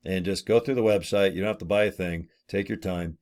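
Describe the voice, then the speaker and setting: The voice is lowish and darkish, a little fast with few pauses. It belongs to a network marketing affiliate in his late fifties giving a casual to-camera sales chat about a business opportunity, folksy and blunt, with mild swearing and meandering asides.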